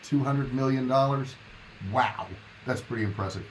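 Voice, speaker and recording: A man's voice: mid-range voice, moderate pace, a little hiss or hum, low-quality recording. Chatty man hosting a live stream. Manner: chatty, loose and rambling, talking to viewers. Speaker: livestream host. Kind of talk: casual live-stream chat.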